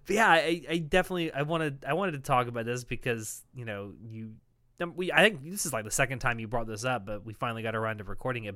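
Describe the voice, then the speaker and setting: Bright-voiced young man hosting a podcast. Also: mid-range voice. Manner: laughing, joking banter. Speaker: podcast host. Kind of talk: casual podcast chat.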